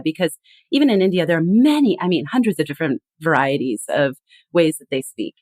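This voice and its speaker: Casting: lower-voiced woman, earnest podcast guest, dry close sound. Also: expressive, fairly quick, a little mellow, no room sound. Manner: earnest, explanatory, acts out quoted phrases. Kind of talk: conversational podcast interview.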